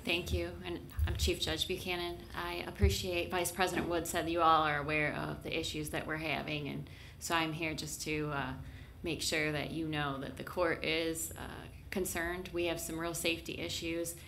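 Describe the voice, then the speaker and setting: A chief judge addresses a city council in a low, gravelly voice. She speaks in a measured, plain way, pausing now and then. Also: little pitch movement, fairly bright tone, slight background noise. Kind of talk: testimony to a council.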